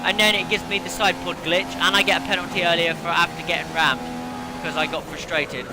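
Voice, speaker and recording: A man's voice: on the high side, little pitch movement, a little fast. A man hosting a racing game video, ranting and swearing in frustration. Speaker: gaming channel host. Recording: game engine noise behind voice. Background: racing car engine noise.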